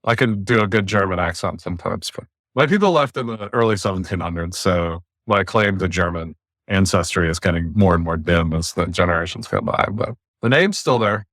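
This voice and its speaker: A man from the United States hosting a podcast, giving blunt, opinionated views in casual discussion, often with animated rants. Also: low voice, brisk, no echo, studio quality. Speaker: podcast host.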